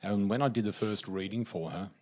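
Lively Australian man telling stories. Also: lowish voice, fairly quick. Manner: laughs through his stories, animated. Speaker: psychic, podcast guest. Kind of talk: conversational storytelling.

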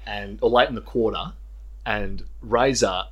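A man's voice: fairly low pitch, unhurried, husky, lo-fi sound. An Australian man co-hosting a sports podcast, chatting casually, laughing often and telling footy stories. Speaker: podcast co-host.

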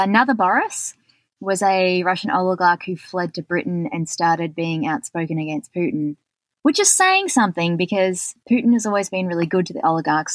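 A woman's voice: fairly low pitch, no room sound. A woman co-hosting a podcast, chatting casually and running through a list of facts with fillers. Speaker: podcast co-host. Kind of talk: casual chat.

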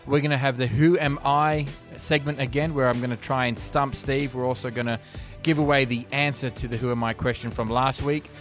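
A man's voice: medium pitch, steady tone, a little fast, few pauses, fairly bright tone, faint music behind. A man hosting a casual sports podcast, chatty, laughing easily and often restarting his sentences. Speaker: podcast host.

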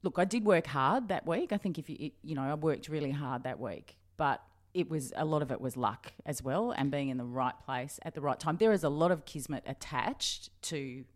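A middle-aged Australian woman, a journalist guest, telling animated stories with frequent laughter. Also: low-pitched, normal speed, few pauses. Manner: animated, laughing, acts out past dialogue. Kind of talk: storytelling interview.

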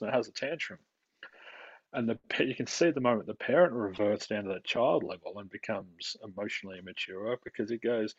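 Aussie bloke therapist talking calmly, lowish voice, dry muffled lo-fi sound. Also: male voice, a little fast, dry recording. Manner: calm, explanatory, with light laughs. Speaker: mental health practitioner. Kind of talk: podcast interview. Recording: dry, dull lo-fi recording.

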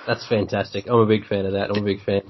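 An Australian man hosts a casual sports podcast, full of enthusiasm and blokey slang, and he laughs easily. His voice has a slightly husky edge. The recording is dull and lo-fi. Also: on the low side, flat delivery, fast. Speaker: podcast host.

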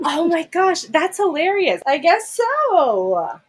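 A young woman from the Midwest co-hosting a podcast in casual chat, giggly and animated, often gasping and exclaiming. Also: very high voice, takes it slowly, rough recording. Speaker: podcast co-host.

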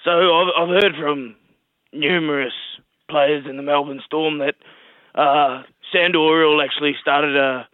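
A man putting on a thick New Zealand accent as a mischievous prank caller, laughing and halting through his question. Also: a little high, fairly even intonation, dry recording, phone-quality sound, natural voice. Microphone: phone call.

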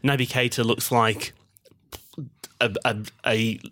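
A man's voice: medium pitch, flat delivery, slow pace, fairly bright tone, no echo. A man hosting a casual sports betting podcast, rambling and self-deprecating with lots of ums. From Manchester, England. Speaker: podcast host.

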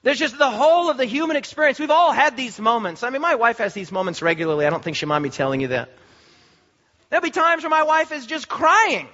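A male preacher with a very high, bright, forceful voice delivers an impassioned sermon. He slows down and repeats phrases for emphasis. The recording sounds dull and lo-fi. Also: sing-song. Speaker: pastor.

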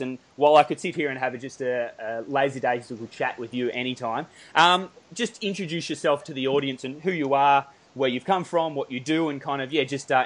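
A man with an Australian accent hosting a podcast, chatty and rambling, laughing often. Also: mid-range voice. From Melbourne, Australia. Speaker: podcast host. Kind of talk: casual interview chat.

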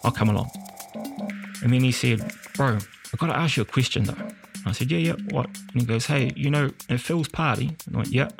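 A New Zealander with a New Zealand accent tells his personal story as a podcast guest, acting out the people he quotes and laughing often. His mid-range voice has vocal fry, moves fairly quickly, and plays over music.

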